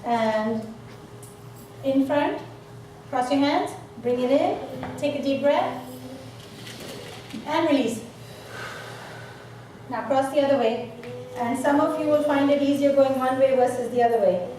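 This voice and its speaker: A woman's voice: high-pitched, measured pace, long pauses, mellow, soft background music. A woman presenting a live workshop, coaxing her listeners through breathing exercises with many repeated words. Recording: echoey room from far off, noisy.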